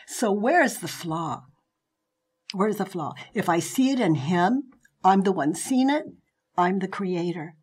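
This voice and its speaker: A woman giving a reflective spiritual teaching talk in a slow, gentle way that often drops into soft whispers, heard as a played clip from an online video. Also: lowish voice, breathy edge.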